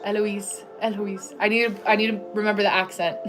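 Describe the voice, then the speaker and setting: A middle-aged American woman hosting a casual livestream, chatting and reading viewers' names aloud in a friendly way, with soft music behind her. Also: mid-range voice, steady tone, normal speed. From United States. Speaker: livestream host.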